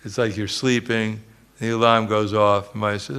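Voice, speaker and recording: A man's voice: on the low side, level tone, moderate pace, few pauses, a bit bright, smooth. A man giving a religious lecture as a swami, telling humorous stories and chuckling often.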